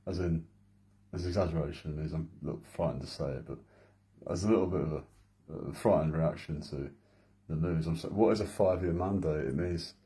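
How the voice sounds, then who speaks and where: A man's voice: low-pitched, fairly quick, warm tone. A man in his thirties with a Midlands accent, rambling through a late-night vlog monologue with self-mocking asides. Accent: English Midlands. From English Midlands. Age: 30s. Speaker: vlogger. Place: home room at night.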